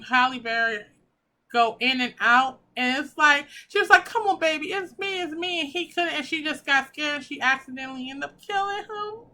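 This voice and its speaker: A woman's voice: sits high, pushed and bright. A woman giving a pick-a-pile tarot reading, talking casually and emotionally, gushing and swearing as she reads the cards. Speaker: tarot reader.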